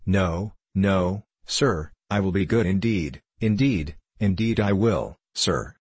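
A man plays a small orphan boy who begs tearfully and sounds lonely and scared. The voice stays low and husky, in a dry, close recording. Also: slow, darkish tone, dry recording, full character voice. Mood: pleading. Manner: pleading, tearful.

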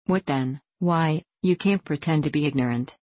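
A woman reading a wheedling young woman in an audiobook, soft and insinuating, with a sweetly plaintive edge. The voice sits low and is recorded dry, with no room around it. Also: moderate pace, no room sound.

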